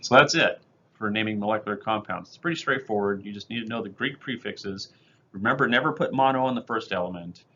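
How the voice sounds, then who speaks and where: Man, chemistry teacher, recorded lecture, somewhat low voice, methodical explaining, muffled lo-fi sound. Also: fast, pushed and bright, slight background noise. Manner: plain, methodical explaining with fillers. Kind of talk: recorded lecture over slides.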